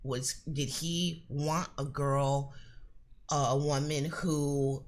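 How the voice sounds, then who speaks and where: A woman's voice: low-pitched, level tone, takes it slowly, a little mellow. A woman giving a live psychic reading in a chatty, hesitant way, with many fillers and an occasional cough. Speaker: psychic reader.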